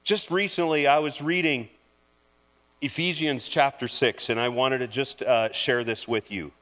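Male pastor, middle pitch, emotional and halting, reading scripture in a sermon. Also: fairly even intonation, a bit bright.

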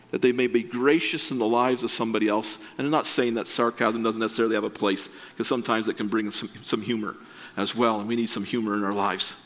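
A male pastor delivering a sermon in an earnest, measured tone. His voice sits in an ordinary middle pitch. Now and then he drops into a wry, self-deprecating aside before returning to the message. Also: a bit bright.

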